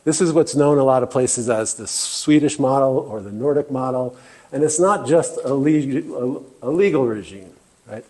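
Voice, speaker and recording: A man's voice: medium pitch, normal speed, mellow. A man giving a presentation talk as guest speaker, earnest and often restarting with fillers. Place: meeting room.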